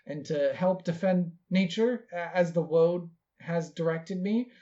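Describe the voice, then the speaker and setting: A man's voice: sits high, a little slow, mellow, voice pushed up. A man voicing a shy young female wood elf druid, nervous and deferential, earnest in how she speaks. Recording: dull lo-fi recording.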